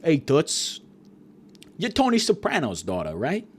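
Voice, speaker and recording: A man's voice: fairly high pitch, wildly swooping pitch, a little slow, slight background noise. A man doing a sleazy leering mobster. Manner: leering, smarmy. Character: sleazy middle-aged male mobster.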